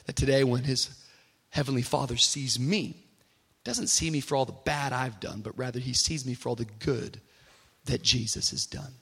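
A man preaching a sermon as a pastor, telling animated stories and building to shouted exhortation in a church. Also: mid-range voice, moderate pace, breathy edge. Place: church sanctuary. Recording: reverberant church hall.

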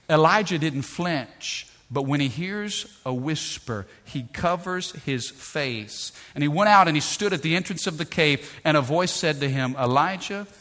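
Bright-voiced man preaching with sweeping dynamics. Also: on the high side. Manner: dynamic preacher, swings from hushed to loud, calls to congregation. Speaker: pastor. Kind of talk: sermon.

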